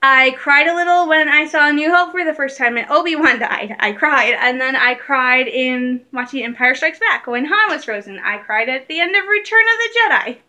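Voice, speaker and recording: Young woman vlogger, high voice, casual rambling chat, excitable, laughs a lot. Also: normal speed, hardly any pauses. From Michigan.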